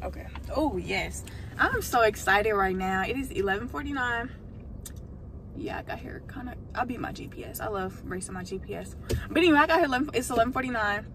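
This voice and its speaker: A young woman chatting excitedly and rambling in a casual vlog, recorded on a phone inside a car. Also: on the high side, a little fast. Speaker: vlogger. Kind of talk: casual vlog chat to camera. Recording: distant phone audio with loud road noise.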